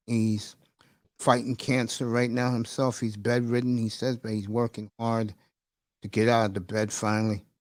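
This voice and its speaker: A man's voice: mid-range voice, a little mellow, dry recording, clean studio sound. A man hosting a casual live stream, rambling and emotional, calling his listeners bro and folks. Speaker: livestream host. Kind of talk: casual livestream chat.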